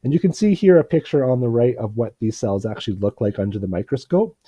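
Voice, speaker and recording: A man presenting a medical lecture, slightly hoarse from a cold, explaining in a measured way with frequent pauses and fillers. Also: medium pitch, very animated, dark tone, dry recording, lo-fi sound. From Canada. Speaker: hematologist presenter.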